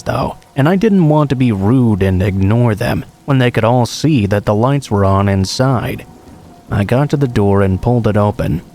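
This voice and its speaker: A man narrates a true horror story in a calm, steady voice with a mellow, dark tone. Rain falls throughout, with faint music underneath. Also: medium pitch.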